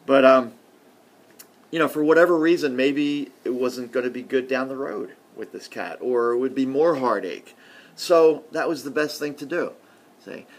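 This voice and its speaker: A man preaching a sermon with a mid-range voice and an easy, conversational manner. He tosses in little asides and checks in with his listeners. His level jumps between loud stressed words and near-mumbled lines. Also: medium pitch. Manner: conversational, with frequent "see" and "okay" asides; swings between loud emphasis and quiet murmurs.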